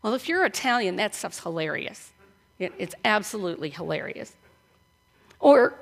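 A woman's voice: medium pitch, sing-song, normal speed, creaky, long pauses. A woman pastor from the northern United States, giving a conversational sermon full of rhetorical questions. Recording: long reverb of a large room.

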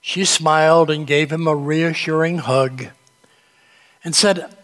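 A man preaching a sermon in a church, telling gentle humorous stories in an unhurried way. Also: a little high, steady tone, in a large hall. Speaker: pastor. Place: church sanctuary.

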